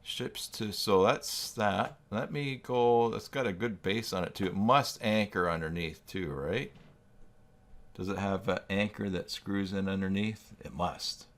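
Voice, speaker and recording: A man with a fairly low, slightly bright voice speaks unhurriedly as he hosts a live stream and works. His chat is casual: he thinks aloud, reacts to viewer messages, and pokes fun at himself.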